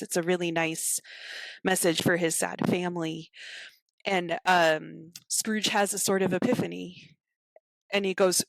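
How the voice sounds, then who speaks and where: A woman's voice: on the low side, unhurried, vocal fry, dry recording. A woman chatting casually on a podcast, retelling a film scene by scene and acting out the lines as she goes. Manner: animated storyteller who acts out quotes.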